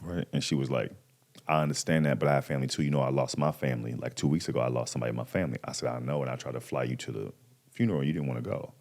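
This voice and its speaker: A racing bass voice belongs to this podcast guest, a man in his thirties. He relates a personal story in a casual, slang-heavy style, animated throughout and acting out the quotes.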